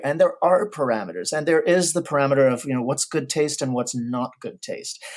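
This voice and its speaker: Thoughtful man explaining piano history. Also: medium pitch. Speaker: guest, historical piano recording expert. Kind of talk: casual conversational interview.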